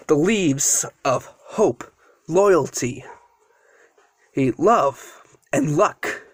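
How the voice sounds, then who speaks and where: A man's voice: on the high side, dry recording. A man casually telling a fan-made story, rambling and often correcting himself. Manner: rambling, frequent self-corrections.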